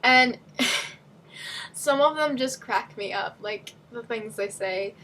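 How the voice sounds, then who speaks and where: A woman's voice: a little high, unhurried, fairly bright tone, a little hiss or hum. A young woman talking casually as a fan vlogger, rambling with lots of fillers and restarts. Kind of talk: casual chat.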